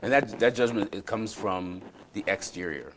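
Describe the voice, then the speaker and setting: A man's voice: lowish voice, moderate pace, a bit bright, slight background noise, poor audio. A man hosting a wellness talk show, speaking earnestly and telling reflective stories. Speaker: show host, fitness expert. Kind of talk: casual conversational talk.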